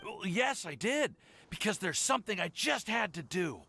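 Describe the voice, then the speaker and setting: A man's voice: high voice, sing-song, moderate pace, vocal fry, pushed and bright, soft background music, full character voice. An actor voicing a nervous, lovestruck young man in a game, who stammers when flustered. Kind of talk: game voice acting.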